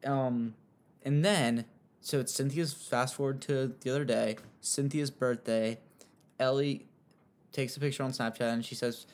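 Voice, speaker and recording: A young man giving casual, rambling commentary on an online feud, with frequent fillers and animated asides. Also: mid-range voice, moderate pace. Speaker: commentary host.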